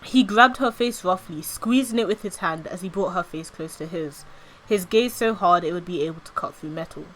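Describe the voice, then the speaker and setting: A woman streamer reading her own story aloud with expressive storytelling narration. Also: fairly low pitch, moderate pace, a little hiss or hum, low-quality recording.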